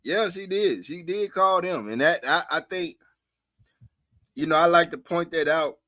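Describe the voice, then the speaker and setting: A man's voice: a little high, unhurried, sharp tone, dry recording, studio quality. A young man co-hosting a podcast, ranting in a heated, profane way and firing off repeated questions. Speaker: podcast co-host. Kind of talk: heated casual podcast talk.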